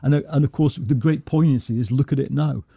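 A man in his sixties as a guest on a radio discussion, reflective and halting with restarts. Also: medium pitch, creaky, mellow, breathy edge, no echo, clean studio sound. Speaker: guest commentator. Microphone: studio mic.

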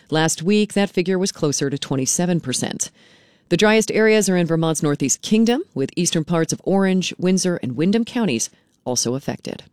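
Steady woman reading local radio news. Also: low voice, no room sound, studio quality. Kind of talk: local newscast and station announcements.

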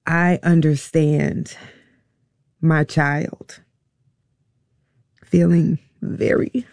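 Woman guest, gravelly and emotional, halting delivery, dry close mic. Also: sits low, level tone, darkish tone, no room sound. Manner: halting, emotional, with many pauses and fillers. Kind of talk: personal storytelling in an interview.

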